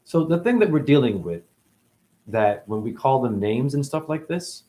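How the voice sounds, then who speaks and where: A man talking as a spiritual teacher in a rambling, profane casual monologue that swings between loud and muttered. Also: medium pitch, expressive, normal speed.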